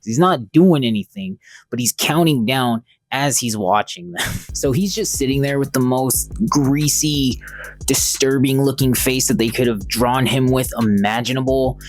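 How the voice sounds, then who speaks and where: A man's voice: medium pitch, measured pace, no echo. Profane, joking male comic reviewer. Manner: profane, jokey and rambling. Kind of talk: casual commentary.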